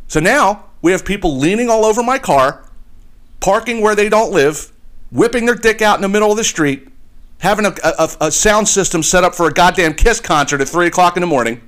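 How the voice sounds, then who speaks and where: Man ranting, fast and profane. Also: sits high, expressive, fairly bright tone. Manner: heated, swearing, repeats himself. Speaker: podcast host.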